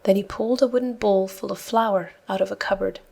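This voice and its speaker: Gravelly-voiced woman reading a storybook. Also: mid-range voice, steady tone, brisk, a little mellow. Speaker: audiobook reader. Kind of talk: scripted narration.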